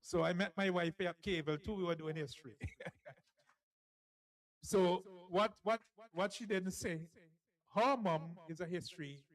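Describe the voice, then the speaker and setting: Jovial author-host, slightly high man's voice, teasing and laughing. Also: measured pace, low-quality recording. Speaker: author and host of a book launch. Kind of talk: lively live event hosting.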